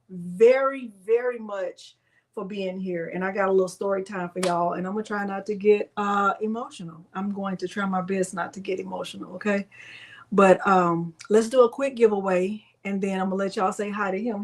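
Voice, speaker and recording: A middle-aged woman hosts a casual crafting livestream, greeting viewers by name and chatting warmly between steps. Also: mid-range voice. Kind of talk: casual livestream tutorial chat.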